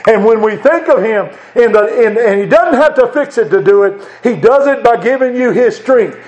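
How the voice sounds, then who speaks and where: A man's voice: very high voice, lively intonation, normal speed, a little mellow, low-quality recording. A man preaching a sermon in an earnest, conversational way, repeating short phrases for emphasis.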